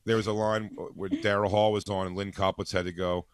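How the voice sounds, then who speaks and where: A man telling rambling anecdotes in casual radio chat, halting and restarting. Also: deep voice, level tone, clean tone, no room sound.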